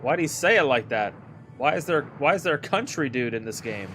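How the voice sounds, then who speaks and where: A man streams a game and chats casually with his viewers, easygoing and often repeating words as he thinks. His voice is medium-pitched, expressive, pushed and bright, moving fairly quickly over faint background music.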